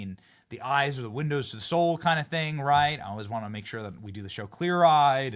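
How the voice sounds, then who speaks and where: A man hosting a political commentary show, animated and mocking, swinging between shouting and muttering. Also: mid-range voice. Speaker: show host.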